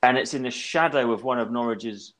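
A man in his thirties from England, co-hosting a podcast in casual chat, rambling through an animated story and swearing freely. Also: mid-range voice, brisk, a little hiss or hum. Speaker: podcast co-host.

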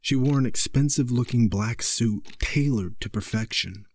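A man narrating a horror story in a slow, measured way. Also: mid-range voice, slight background noise.

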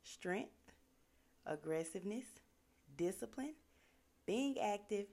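A woman's voice: mid-range voice, animated, slow pace, mellow. A woman giving a casual motivational talk in an earnest, conversational way, with lots of "like" fillers. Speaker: motivational speaker.

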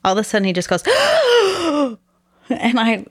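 A young woman co-hosting a podcast in casual chat, blunt and laughing often, animated when retelling stories. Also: mid-range voice, very fast, no room sound, clean studio sound. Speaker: podcast co-host.

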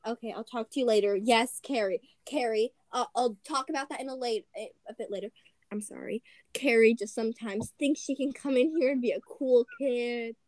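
A woman with a high voice hosts a podcast and reads a children's picture book aloud. She chats and giggles between pages. Her voice sounds close and dry. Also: no echo. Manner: giggly, chatty asides. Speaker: podcast host.

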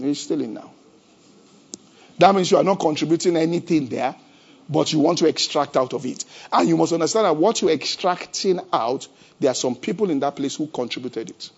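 A man preaching a sermon as pastor. He keeps asking the congregation rhetorical questions and swings between loud emphasis and a low, conversational tone. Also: gravelly, slightly rough. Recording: dull lo-fi church recording.

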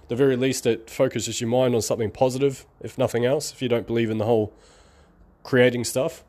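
A man's voice: medium pitch, steady tone, fast, a little mellow. Middle-aged man, Australian-New Zealand accent, slight lisp, drawls a little; candid, rambling vlogger talking straight to camera. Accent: between Australian and New Zealand. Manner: draws out his speech, rambling and candid. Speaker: online marketing vlogger. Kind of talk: casual talking-to-camera monologue.

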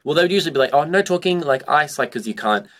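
A man's voice: fairly high pitch, lively intonation, quick pace, fairly bright tone. A young man, a drag performer, chatting in an interview and telling stories in a loose way, full of "like" and casual swearing. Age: young adult. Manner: chatty storytelling, heavy on "like", swears freely.

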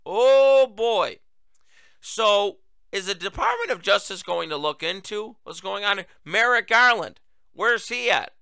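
A man's voice: high voice, sing-song, a little slow, vocal fry, bright, forceful tone, clean tone, no room sound. A man hosting a political commentary show, talking in a sarcastic monologue full of mocking asides. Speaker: host.

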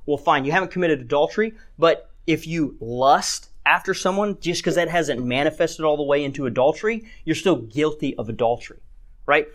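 A man's voice: a little high, animated, a little fast, fairly bright tone. A man preaching a sermon in a conversational way, often checking in with "right?" and reading scripture aloud with rising emphasis. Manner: conversational, keeps asking "right?". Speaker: pastor.

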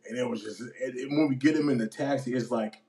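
A young man co-hosting a podcast, backing up the story with quick agreements and laughter. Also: mid-range voice, dark tone. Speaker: podcast co-host. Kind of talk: casual storytelling chat.

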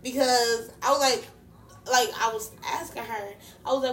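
A woman's voice: on the high side, moderate pace. A woman from co-hosting a casual podcast, telling stories animatedly and acting out the people she quotes. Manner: animated storyteller, acts out quotes. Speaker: podcast co-host. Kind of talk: casual chat. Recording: echoey room, distant mic.

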